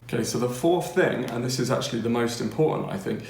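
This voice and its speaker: Chatty English man, gravelly voice. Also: mid-range voice, fast, a little mellow, roomy sound. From England. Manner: chatty, keeps checking in with listeners. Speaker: language-learning teacher. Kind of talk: casual spoken lesson.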